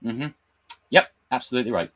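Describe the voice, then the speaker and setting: A young man hosts a live stream on a desk mic with camera, chatting casually and ranting like an animated fan with lots of swearing. His mid-range voice moves briskly.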